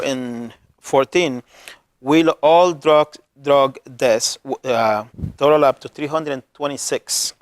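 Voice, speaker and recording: A man with a non-native accent hosting a community TV program as a health worker, earnest and emotional, halting often to restart his words. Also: mid-range voice, dry recording. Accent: non-native English accent.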